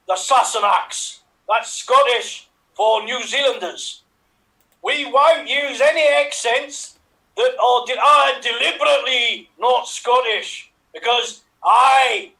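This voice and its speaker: A man playing a boastful Scottish highland warrior in a silly dramatic monologue over a video call. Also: pushed and bright, distant mic, heavily acted. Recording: echoey room, off-mic.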